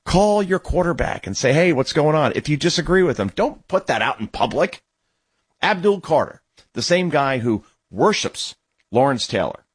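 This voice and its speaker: A youth baseball coach and father hosts a sports talk show, telling stories and sharing opinions with sarcasm and indignation. His voice is on the high side and slightly rough, recorded with no echo.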